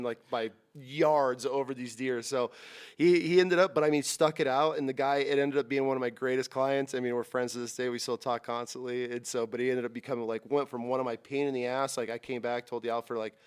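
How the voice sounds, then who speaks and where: A man who works as a hunting guide, from Utah, spinning a long story in relaxed podcast talk. He swears freely, drops to a whisper for tense moments and leaps up high when he acts out the others, his voice sitting at a middle pitch. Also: fast talker, clean tone. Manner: animated, swearing, acts out quotes with big pitch jumps and whispers. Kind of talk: casual storytelling.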